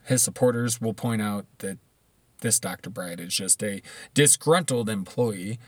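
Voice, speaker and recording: A man's voice: mid-range voice, darkish tone, no room sound. A man giving blunt, profane, rambling commentary, often restarting his sentences.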